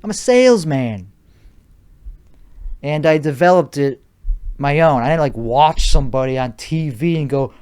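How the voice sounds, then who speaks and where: A man's voice: a little high, animated, moderate pace, pauses often, darkish tone, clear, resonant tone. A man with a put-on Chicago accent, overtired and sleep-deprived, hosting a rambling solo podcast monologue, profane and argumentative, repeating himself. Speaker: podcast host.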